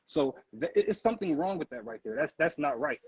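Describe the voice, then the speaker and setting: Husky laid-back American man. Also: fairly high pitch, expressive, brisk, no echo, rough recording. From United States. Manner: laid-back, repeats words with many fillers. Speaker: guest, husband of the host. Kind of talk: casual live chat.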